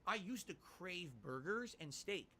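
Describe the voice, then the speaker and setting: A middle-aged man talks on a live stream, rambling and emphatic as he reads out viewer tips. His voice sits a bit high and comes across bright and forceful. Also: lively intonation, measured pace, slight background noise. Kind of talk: casual livestream talk.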